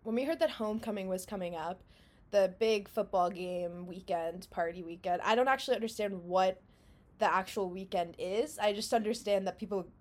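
A young woman from Canada co-hosting a podcast in casual chat, self-mocking and quick to laugh. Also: medium pitch, a little mellow. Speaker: podcast co-host.

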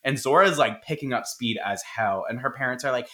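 A man in casual podcast chat, retelling a movie plot with lots of swearing and quick quoted lines. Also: mid-range voice. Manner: profane, animated retelling with quoted voices. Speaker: podcast co-host.

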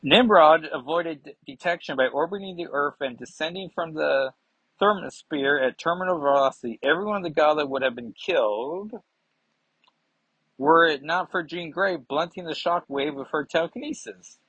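A man's voice: on the high side, normal speed, a bit bright, breathy edge, no room sound. A man giving a chatty, rambling comic book review, with self-mocking asides. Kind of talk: casual review vlog. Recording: dull lo-fi sound.

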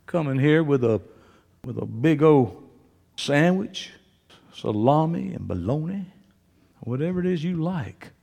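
A male pastor delivers a folksy, joking sermon, dropping to soft asides and then climbing into loud preaching. His voice sits high and moves around a great deal. The sound carries a long reverb from the church hall. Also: lively intonation, a little slow, gravelly, long pauses. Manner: folksy, joking, uses y'all and ain't. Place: church sanctuary.

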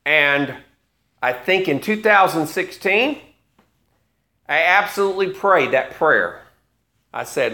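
A man's voice: on the high side, animated, slow pace, pauses often, pushed and bright. A man in his fifties preaching a sermon, retelling a story with wry asides. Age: 50s.

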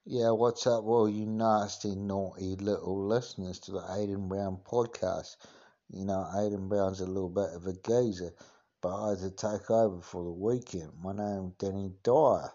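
A man's voice: low-pitched, fairly even intonation, moderate pace, mellow, highs cut off, close to an everyday voice. A man doing a comic impression of a swaggering Cockney tough-guy geezer, rambling and sweary with endless filler phrases.

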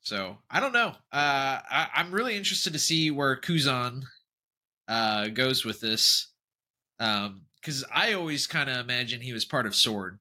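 A man co-hosting a podcast in casual chat, animated and quick to laugh and go off on tangents. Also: medium pitch. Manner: animated, laughing, jumps into tangents and jokey impressions. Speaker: podcast co-host.

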